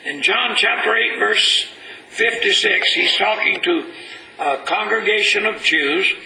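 A man preaching a sermon in a church, slow and emphatic, reading scripture aloud and rising in pitch for emphasis. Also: vocal fry, reverberant, music in the background, low-quality recording.

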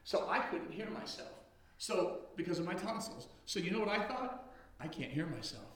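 A middle-aged man preaching a sermon in a loud, booming drill-instructor voice, heard in a church hall. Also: normal speed. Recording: echoey hall from far off.

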